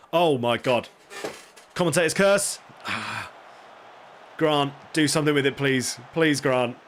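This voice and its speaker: A man casually commentating his own football management game, getting excitable and swearing when things go wrong. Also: mid-range voice, a little hiss or hum. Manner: excitable, swears when frustrated, self-deprecating asides. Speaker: gaming streamer.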